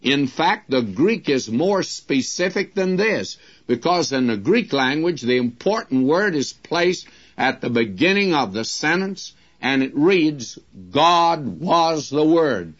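A man's voice: fairly high pitch, lively intonation, a little slow. A man teaching the Bible in a radio sermon, emphatic and speaking straight to his listeners as friends, on a dull lo-fi broadcast recording.

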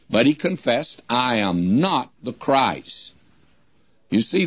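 An older man teaching a Bible passage on the radio, in a plain-spoken, deliberate way and quoting scripture in old English. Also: mid-range voice, no echo. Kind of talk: radio sermon. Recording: dull lo-fi radio recording.

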